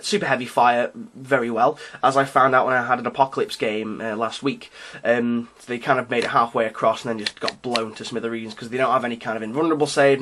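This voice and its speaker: A man's voice: mid-range voice, a bit bright, a little hiss or hum. A man with an ordinary mid-range voice casually narrates a show-and-tell of his miniatures. He rambles, hesitates and restarts often, filling gaps with ums. He keeps a lightly amused, self-deprecating tone. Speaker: hobbyist showing his painted miniatures.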